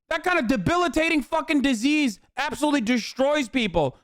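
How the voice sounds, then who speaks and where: A man with a high voice rants over a video he is reacting to, heated and profane, cursing in nearly every sentence. The sound is dry and close, with no room around it. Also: expressive, brisk, hardly any pauses, fairly bright tone, dry recording. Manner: heated, swears constantly, says "dude" often. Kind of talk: profane ranting commentary.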